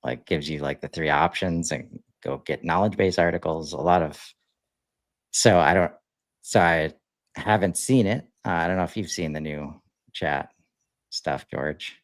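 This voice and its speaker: Here a male podcast co-host talks a little slowly in a low voice over a dry recording. His casual chat is easygoing and rambling, thick with fillers and restarts.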